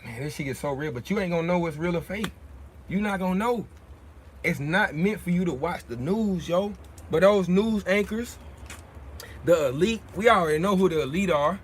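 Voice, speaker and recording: A man's voice: high-pitched, animated, normal speed, slight background noise. A young man hosting a casual livestream, talking in streetwise slang in a preachy way, often repeating his points. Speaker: livestream host.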